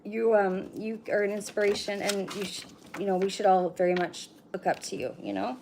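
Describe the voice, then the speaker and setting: Her mid-range voice is gravelly and a little mellow, delivered flatly at normal speed, as this middle-aged woman gives a casual oracle card reading on a livestream. She chats, swears occasionally, and speaks right to viewers, over a little hiss or hum.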